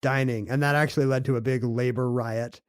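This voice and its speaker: A man co-hosting a podcast, telling a story in a jokey, lively chatty way. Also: medium pitch, a little fast, clear, resonant tone, no echo, studio quality. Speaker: podcast co-host. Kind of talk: casual conversational podcast chat.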